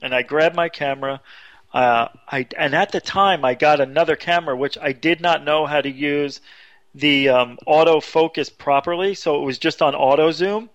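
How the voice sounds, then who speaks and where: A man telling a story casually as a radio show guest, animated, jumping his voice high when he quotes people. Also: moderate pace, no room sound, highs cut off. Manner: animated, acts out quotes with sudden high pitch.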